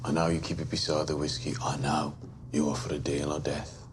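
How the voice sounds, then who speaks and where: An actor playing a cold, controlled gang boss negotiating a deal, quiet and measured. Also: male voice, rumbling low, monotone, slight background noise. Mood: level. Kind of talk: television crime drama.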